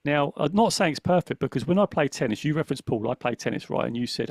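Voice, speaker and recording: A man's voice: a little high, expressive, quick pace, hardly any pauses, no room sound. A man co-hosting a podcast, talking earnestly and reflectively in casual chat, often checking in with "right?". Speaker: podcast co-host.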